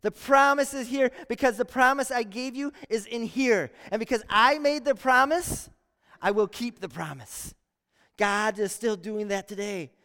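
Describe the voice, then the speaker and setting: In a church sanctuary, a very high-voiced male pastor delivers an earnest sermon full of rhetorical questions and repeated phrases. His voice is unhurried, smooth, and a bit bright, with long church hall reverb around it.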